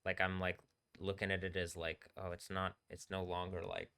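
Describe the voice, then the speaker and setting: A man's voice: deep voice, completely flat delivery, normal speed, pushed and bright, clean tone. A man hosting a live stream, rambling casually with many fillers and bursts of laughter.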